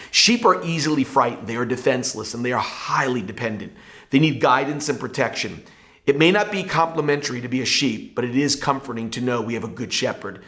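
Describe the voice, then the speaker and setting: A man's voice: medium pitch, a bit bright. Earnest male pastor preaching. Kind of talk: scripted devotional teaching.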